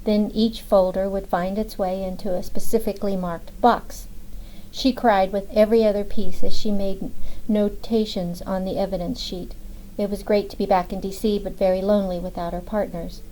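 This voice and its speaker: Brief: woman audiobook narrator, measured scripted delivery, soft dark timbre. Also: medium pitch, level tone, a little hiss or hum, rough recording.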